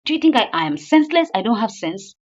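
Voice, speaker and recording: Lady doing a furious wife yelling at her cheating man, shrill and high, kinda dull lo-fi audio. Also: sing-song, unhurried. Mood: outraged. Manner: shrill scolding, high and loud.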